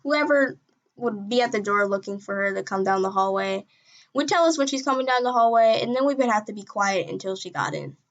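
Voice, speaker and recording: A woman telling a story from her school days in a casual, rambling way, with sudden excited jumps in pitch and loudness. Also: a little fast, highs cut off.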